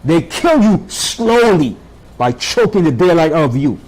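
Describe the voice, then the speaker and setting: Emphatic preacher man with swooping pitch. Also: sing-song, unhurried, a little mellow, rough recording. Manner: rhetorical questions to the congregation. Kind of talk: sermon.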